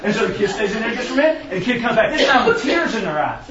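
A man's voice: very high voice, very animated, fast talker, a crowd in the background. A man preaching a conversational sermon, earnest and given to restarting his phrases. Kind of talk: sermon on parenting. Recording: roomy, distant, dull sound.

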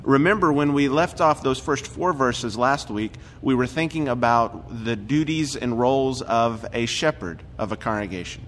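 A man delivers a sermon in an easygoing, conversational way, sprinkling in filler words as he talks. His voice carries a long reverb from the church hall, with a faint rumble underneath. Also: moderate pace, hardly any pauses. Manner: conversational, relaxed with frequent "uh" fillers. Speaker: preacher. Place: church sanctuary.

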